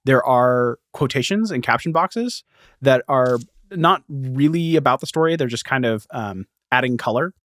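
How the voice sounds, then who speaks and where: A man's voice: medium pitch, expressive, normal speed, a bit bright, no room sound. A man co-hosting a podcast, casually summarizing a comic book issue and laughing often as he retells scenes. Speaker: podcast co-host.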